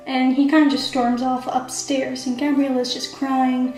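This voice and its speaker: Speaking a little slowly in a high, slightly mellow voice with little pitch movement, an amateur writer sums up her own story. Her tone is chatty and full of "like" and "kinda" fillers, captured in an echoey room with faint background music.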